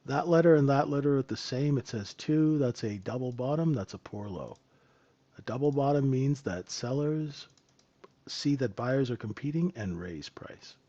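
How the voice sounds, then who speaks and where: A man's voice: mid-range voice, moderate pace, warm tone, muffled recording. A man running a live trading room, explaining charts in a casual teaching manner and answering viewers' questions as he goes. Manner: conversational, answers viewers' questions, rhetorical "right?". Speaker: trading instructor.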